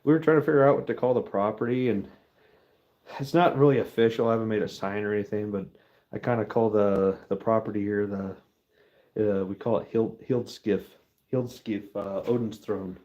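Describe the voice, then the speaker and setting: A man's voice: lowish voice, fairly even intonation, a little fast, a little mellow, muffled recording. A middle-aged man chatting casually to camera while stamping a silver bar, joking and talking to his dog as he works.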